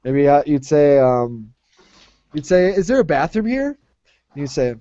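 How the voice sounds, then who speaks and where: A man's voice: fairly high pitch, very animated, measured pace, pauses often, warm tone, no echo, dull audio. A man teaching an English class, patiently explaining and modeling phrases aloud.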